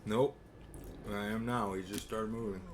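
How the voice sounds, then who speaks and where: A man's voice: on the low side, fairly even intonation, normal speed, very noisy. Laid-back man on voice chat. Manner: laid-back, swears freely, teasing. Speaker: co-player. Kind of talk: casual gameplay chat.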